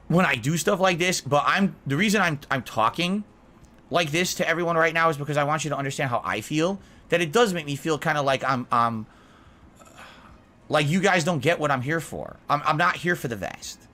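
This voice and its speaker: A man's voice: on the high side, animated, moderate pace, pushed and bright. A man streaming live, giving an earnest, lecturing monologue to his chat to justify himself.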